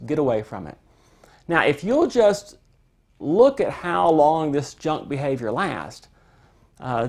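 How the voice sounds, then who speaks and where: A parenting instructor giving a calm, conversational lesson, explaining with everyday family examples. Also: mid-range voice. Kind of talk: instructional talk to camera.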